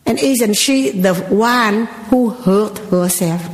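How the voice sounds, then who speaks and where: Slow, deliberate woman teacher in an echoey room. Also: mid-range voice. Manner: slow, repetitive phrasing with rhetorical questions. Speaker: Buddhist teacher. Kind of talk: storytelling sermon.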